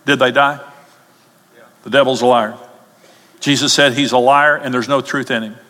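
A man's voice: mid-range voice, fairly even intonation, normal speed, bright, forceful tone. A male pastor preaching a sermon emphatically, his voice rising as he gets stirred up. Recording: long hall reverb.

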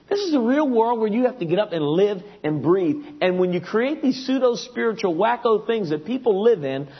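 A husky man preaching with a lively, leaping pitch, a little higher than most men. He moves from shouted points to near-whispered asides. The recording is dull and lo-fi. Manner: animated preaching, swings from shouts to hushed asides, acts out voices. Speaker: pastor. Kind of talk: sermon.

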